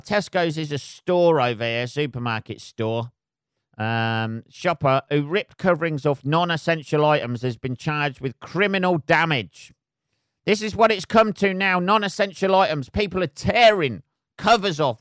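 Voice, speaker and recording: A man's voice: on the high side, a bit bright, smooth, no echo, studio quality. A man hosting a solo podcast, ranting sarcastically with lots of swearing and filler words. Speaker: podcast host. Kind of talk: casual solo podcast rant.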